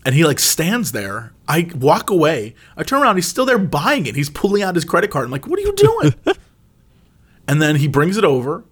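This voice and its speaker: A man in casual chat, telling a funny family story and jumping up high when quoting himself. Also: big pitch swings, brisk, hardly any pauses, fairly bright tone, breathy edge.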